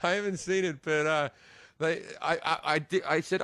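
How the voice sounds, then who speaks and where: A man's voice: fairly high pitch, fairly even intonation, fairly quick, a bit bright, clean tone, dry recording, studio quality. An Australian man, a guest comedian, telling rambling stories in casual podcast chat, swearing and laughing often.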